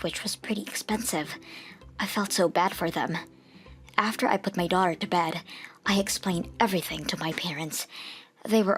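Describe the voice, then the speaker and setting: A young woman narrating a dubbed manga story in an earnest, first-person storytelling manner. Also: fairly low pitch. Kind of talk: scripted manga dub narration.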